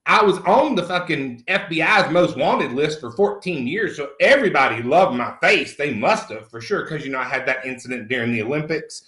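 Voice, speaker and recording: A man's voice: a little high, lively intonation, normal speed, few pauses, sharp tone. A middle-aged man playing a crude, brash country man, cursing freely and calling everyone honey. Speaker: comedy character host. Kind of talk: improvised comic monologue. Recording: roomy echo.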